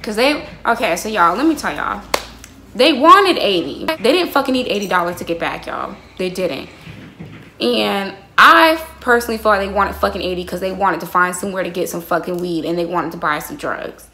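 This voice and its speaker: A woman's voice: lowish voice, animated, fairly quick, pushed and bright, slight background noise. A young woman telling a heated, profanity-laced story to her viewers, calling them y'all. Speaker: vlogger. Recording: roomy echo.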